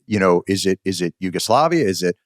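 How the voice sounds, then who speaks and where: A male host asking guests questions in a casual, animated, jokey way. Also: deep voice, fast talker, dry recording, studio quality. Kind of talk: casual interview chat.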